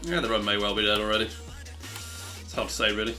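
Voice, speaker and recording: A man with a lowish voice talks a little fast while speedrunning a game on a live stream. He chats casually and rambles, mocks himself, swears now and then and reacts to chat, with gameplay audio and loud music behind him.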